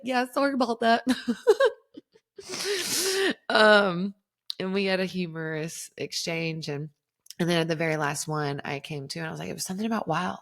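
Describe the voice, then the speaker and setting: A woman's voice: medium pitch, a little slow, long pauses. A woman hosting a podcast, telling a personal story in a candid, casual way, swearing freely and laughing through it. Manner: candid, swearing, laughing, animated when reliving a scare. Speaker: podcast host.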